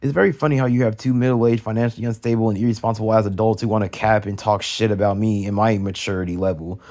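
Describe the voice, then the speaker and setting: A man's voice: lowish voice, steady tone, fast talker, few pauses, a little mellow. A young man venting in an agitated, profane late-night rant, tripping over restarts as he goes. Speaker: vlogger.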